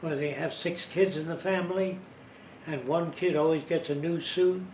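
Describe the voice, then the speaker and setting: A man's voice: a little high, steady tone, normal speed, a little mellow. A man giving an informal lecture, explaining his point step by step and now and then mimicking how others talk. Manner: explanatory, slips into mimicking accents. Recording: roomy, distant mic, faint hiss.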